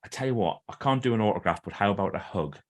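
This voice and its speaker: Fast and fairly low-pitched, a middle-aged man tells stories as a guest author and trainer on a podcast interview. He brings them to life by acting out what the other people said.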